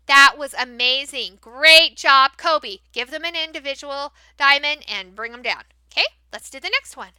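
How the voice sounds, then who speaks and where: A woman teacher demonstrating how to run a class for young learners, switching between explaining to other teachers and modeling big, excited praise for kids. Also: sits high, moderate pace, dry recording. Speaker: teacher trainer. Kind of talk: training demo, modeling classroom talk.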